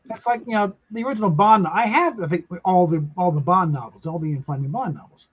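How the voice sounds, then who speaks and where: A laid-back man chats while gaming and curses at the game now and then. His husky voice sits fairly high and moves a lot. The sound is dull and lo-fi. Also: quick pace. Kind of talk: casual chat while gaming.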